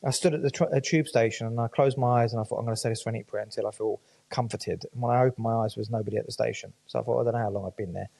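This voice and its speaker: A man's voice: medium pitch, fairly even intonation, very fast, gravelly, few pauses, mellow. A man, a podcast guest telling his stories casually, swearing freely and acting out the voices of people he quotes. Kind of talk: casual storytelling chat.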